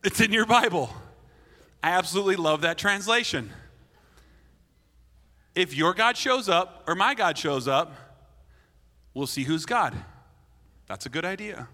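A man's voice: high voice, animated, measured pace, long pauses, pushed and bright. A man preaching a sermon to a crowd, blunt and playful, acting out the lines he quotes. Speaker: pastor. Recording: long hall reverb.

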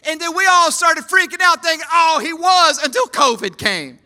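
A man preaching a sermon at a conference, swinging from hushed lines to shouts and asking the crowd to raise hands. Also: very high-pitched, moderate pace. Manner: talks with the crowd, asks for hands. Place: conference hall.

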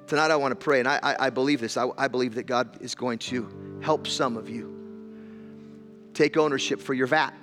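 A man's voice: mid-range voice, brisk. A man preaching in a church hall, telling a story with stumbles and repeated words. Faint music plays under his voice. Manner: storytelling, repeats words, builds to loud emotional climax. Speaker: pastor. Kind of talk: sermon.

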